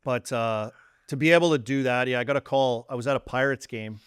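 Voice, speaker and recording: A man's voice: medium pitch, brisk, clean tone, no room sound, clean studio sound. A Canadian man in his forties, a former hockey player, telling stories in a casual chat and acting out the dialogue. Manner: animated storyteller, acts out quoted dialogue.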